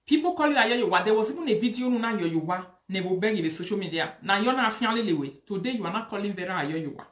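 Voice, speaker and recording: The room is reverberant as a woman with a Nigerian Pidgin accent talks quickly, her medium-pitched voice full of lively intonation. Commenting online, she lectures and scolds in a preachy way, dropping Pidgin and Yoruba-like phrases.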